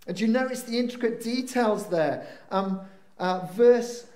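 A man preaching a lively sermon, swinging between excited bursts and hushed, slowed moments. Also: sits high. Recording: roomy echo.

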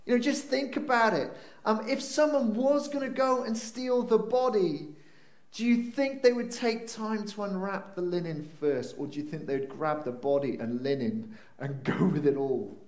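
Animated male preacher in a roomy hall. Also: sits high, moderate pace. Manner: animated, swings between excited and hushed. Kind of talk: sermon. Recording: roomy echo.

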